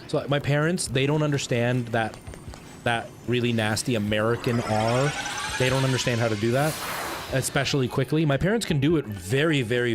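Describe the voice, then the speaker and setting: A man chatting casually on a livestream while playing a game, rambling and restarting his sentences and breaking into excited outbursts. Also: medium pitch. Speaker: game streamer.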